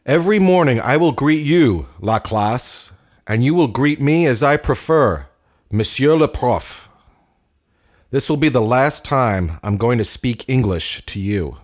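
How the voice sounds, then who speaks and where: A man voicing a fussy older male French teacher near retirement, talking loudly and theatrically. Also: mid-range voice, lively intonation, measured pace, pitched above the performer's own voice, natural voice. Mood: lecturing. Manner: theatrical, loud, emphatic greetings.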